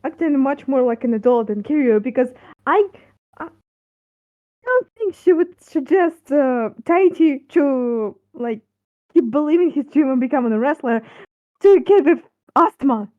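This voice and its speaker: Woman, high voice, casual co-streamer, brief reactions, muffled sound. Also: expressive, measured pace. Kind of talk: casual chat.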